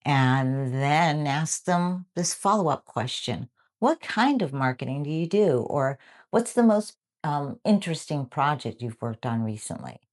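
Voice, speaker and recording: A woman teaching an English lesson, clearly and brightly modeling sample phrases for learners to repeat. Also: very deep voice. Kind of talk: live online lesson.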